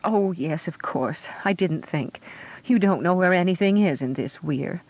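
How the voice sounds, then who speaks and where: A man voicing a flustered, fretful woman dragonrider who pleads in a quavering, high voice. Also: measured pace. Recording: dull lo-fi audio.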